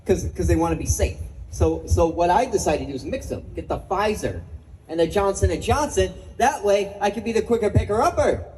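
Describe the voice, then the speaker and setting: A young man tells jokes on stage in a high voice that swoops up and down. He swears freely and laughs at his own punchlines. Faint noise hums behind him. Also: animated, fairly quick, a little mellow, rough recording. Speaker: comedian. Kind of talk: stand-up comedy set. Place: open mic venue.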